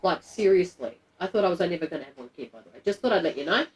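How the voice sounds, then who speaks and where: A woman's voice: fairly low pitch, lively intonation, very fast, rough recording. A middle-aged woman, telling a personal story to a group in a candid, blunt and emotional way, swearing freely. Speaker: guest telling her story.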